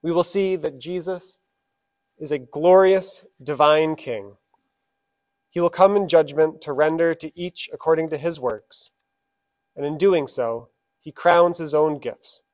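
Fairly high-voiced male preacher. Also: unhurried, darkish tone. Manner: storytelling, then reverent prayer. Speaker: pastor. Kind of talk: sermon.

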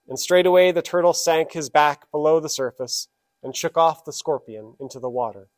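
A man's voice: fairly high pitch, fairly even intonation, normal speed, a little mellow. A man preaching a sermon as pastor, telling fables and leading prayer reverently. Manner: storytelling, then reverent prayer.

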